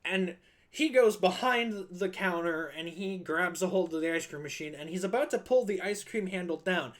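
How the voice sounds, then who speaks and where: A man's voice: sits high, moderate pace. A man streaming, telling a story casually and animatedly, acting out other voices and swearing freely.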